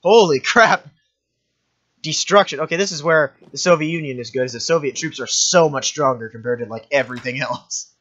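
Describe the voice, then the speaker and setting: A man's voice: mid-range voice, a bit bright, dull audio. Rambling young man narrating a strategy game. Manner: rambling, offhand, self-correcting. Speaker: gaming commentator. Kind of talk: let's play commentary.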